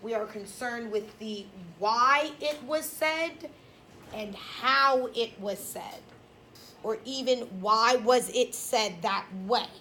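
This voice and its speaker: A woman lectures her classroom in a blunt, emphatic, sassy way. Her voice sits a touch high and rings bright and forceful. Faint background noise from the room sits under her words. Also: takes it slowly. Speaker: high school English teacher.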